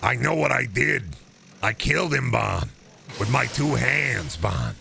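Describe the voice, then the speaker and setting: A man putting on a slow, menacing voice for a gruff cartoon caveman. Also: mid-range voice, lively intonation, sharp tone, faint music behind, heavily acted. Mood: brooding. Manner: slow, threatening, dramatic pauses.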